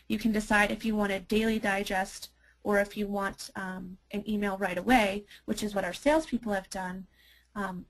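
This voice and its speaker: A woman working as a marketer, presenting a software demo in an enthusiastic, chatty way with frequent ums. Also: fairly high pitch, vocal fry, rough recording.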